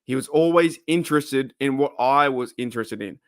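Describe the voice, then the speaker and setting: A man's voice: mid-range voice, moderate pace, no echo. Rambling Australian man, dry sound. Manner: rambling, goes off on tangents, chuckles often. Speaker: channel host. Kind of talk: casual live-stream chat.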